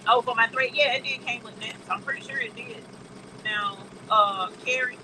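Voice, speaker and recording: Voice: mid-range voice, moderate pace, vocal fry, background noise. An embroidery channel host chatting casually on a livestream, calling viewers y'all and reading out chat comments.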